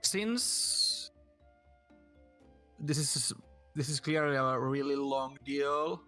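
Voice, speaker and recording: A man playing a tabletop game, negotiating in halting, self-correcting sentences. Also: medium pitch, sharp tone, faint music behind. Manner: hesitant, restarting often. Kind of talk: casual chat.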